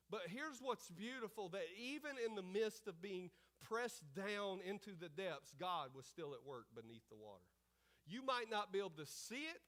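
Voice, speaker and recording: High-voiced man preaching emphatically. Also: a bit bright. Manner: emphatic preaching, repeats key phrases and calls out to the congregation. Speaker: pastor. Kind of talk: sermon. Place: church service.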